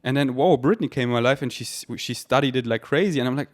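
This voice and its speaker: A man's voice: mid-range voice, fast. A man hosting a podcast, speaking in a rambling spiritual monologue with repeated words and casual swearing; German is his first language. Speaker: podcast host.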